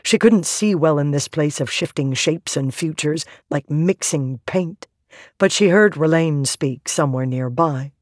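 A woman narrating an audiobook in a measured, clear storytelling manner. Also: sits low, a little mellow, no echo, studio quality. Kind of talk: scripted narration.

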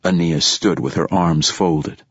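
A man reading a first-person story aloud as narrator, measured and steady. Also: low-pitched, slightly rough, dry recording, lo-fi sound. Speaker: audiobook narrator. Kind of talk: scripted narration.

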